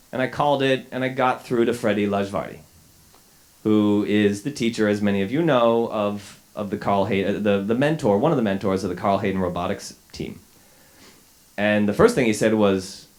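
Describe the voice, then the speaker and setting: A man's voice: lowish voice, a little mellow. A man in his forties, a journalist, telling a wry, self-deprecating story to a live audience, a little sick, with plenty of fillers and restarts. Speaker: journalist giving a talk. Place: lecture hall with a live audience.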